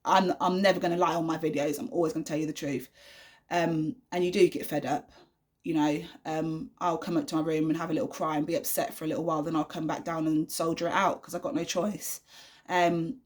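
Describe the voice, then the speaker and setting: A woman's voice: sits low, little pitch movement, brisk. A young woman talking frankly to camera from her bedroom, in a chatty, unedited vlog full of fillers and restarts. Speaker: vlogger, mother.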